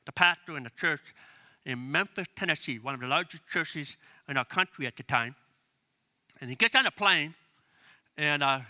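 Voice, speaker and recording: A man preaching a sermon with a high, very bright and forceful voice. He is emphatic and hammers key phrases over and over. He leads the congregation in call-and-response. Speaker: pastor.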